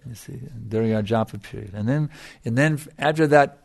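A man's voice: medium pitch, brisk, vocal fry, darkish tone. A middle-aged man giving a devotional lecture as a spiritual teacher, emphatic and repeating his phrases for stress.

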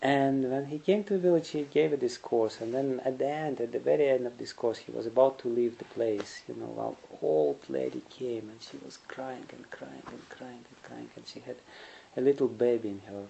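Gravelly, mellow-voiced man giving a spiritual talk. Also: mid-range voice, moderate pace, hardly any pauses, lo-fi sound, slight background noise. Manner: rambling, chuckling storyteller. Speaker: spiritual teacher. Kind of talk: spiritual lecture with storytelling.

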